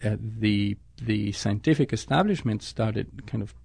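Creaky-voiced male scientist, thoughtful. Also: fairly low pitch, unhurried, a little mellow, no room sound. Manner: thoughtful, with frequent restarts and self-corrections. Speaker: scientist interviewed about his research. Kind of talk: reflective interview answers.

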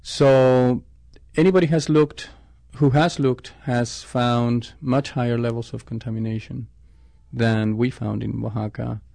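Creaky-voiced male scientist, thoughtful. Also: mid-range voice, fairly even intonation, a little slow, dark tone, dry recording. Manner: thoughtful, with frequent restarts and self-corrections. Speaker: scientist interviewed about his research. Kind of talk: reflective interview answers.

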